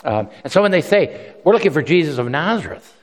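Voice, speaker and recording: Speaking fairly quickly in a large hall, a man with a fairly high voice delivers a sermon as though chatting. Words get repeated often, and he acts out the quotes he shares in animated voices.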